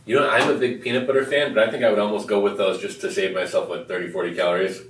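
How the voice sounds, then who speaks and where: A man co-hosting a casual taste test, quick and enthusiastic as he compares brands. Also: lowish voice, fairly even intonation, fairly bright tone, a little hiss or hum. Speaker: co-host reviewing protein bars. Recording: roomy, mic at a distance, faint ambience.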